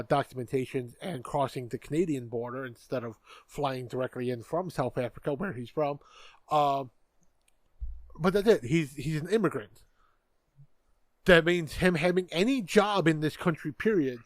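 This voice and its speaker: With a fairly high voice and no echo, this podcast co-host talks politics casually. He's blunt and swears freely, often tripping over repeated words when he restarts.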